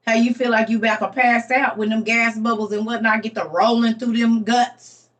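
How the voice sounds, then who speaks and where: A woman's voice: a little high, little pitch movement, normal speed, recorded from a distance. Laughing, teasing woman with a slangy drawl. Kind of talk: casual commentary on a reading.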